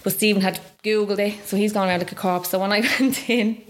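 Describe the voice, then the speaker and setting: A young Irish woman telling a personal story in casual chat, acting out what others said with big jumps in her voice. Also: quick pace. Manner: animated, acts out quoted speech with big pitch jumps. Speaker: guest.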